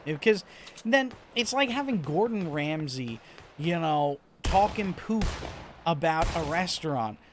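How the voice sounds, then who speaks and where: A man giving relaxed, rambling commentary over his own gameplay, a little stuffy from a slight cold. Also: fairly high pitch, unhurried, noisy background. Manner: laid-back, rambling, chuckles to himself. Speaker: gaming video host.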